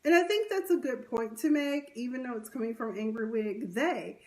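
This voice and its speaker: A woman's voice: a little high, animated, moderate pace, darkish tone. Blunt young woman, slightly distant mic. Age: young adult. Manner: repeats words when starting sentences; blunt, opinionated. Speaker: vlogger. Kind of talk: casual video commentary.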